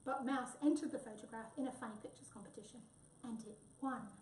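A woman reads a children's storybook aloud, lively and expressive. Her voice is somewhat high. She sounds distant, in a roomy, echoing space. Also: a little fast, slight background noise. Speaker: reader. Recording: echoey room, voice from far off.

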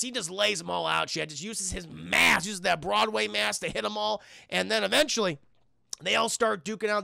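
A man streaming a rambling, profane recap of a cartoon episode to his live chat, often acting out the characters' lines in quick asides. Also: high voice, gravelly, pushed and bright, no room sound.

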